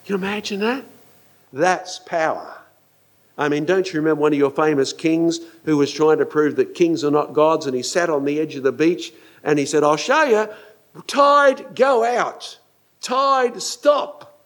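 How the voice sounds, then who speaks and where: Older male preacher, animated sermon delivery with a somewhat high voice, acts out quoted lines. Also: moderate pace.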